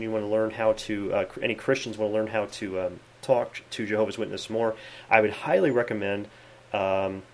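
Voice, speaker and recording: A man's voice: lowish voice, vocal fry. A man at his desk giving an earnest, conversational Bible teaching for his video channel, quoting scripture and using frequent fillers. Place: at his desk in a study with bookshelves.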